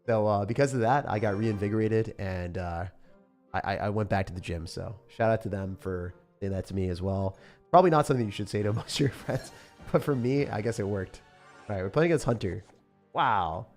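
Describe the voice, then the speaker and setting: A man's voice: lowish voice, brisk, darkish tone, faint music behind. A young man giving casual, chatty gameplay commentary as a channel host. He talks in slang, jokes around and laughs often.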